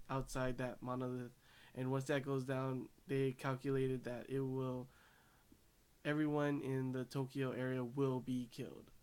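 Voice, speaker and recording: Casual male vlogger, mid-pitched, rambling anime recap with lots of ums and restarts. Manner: rambling, many fillers and restarts; gushing about cute scenes. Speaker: anime reviewer.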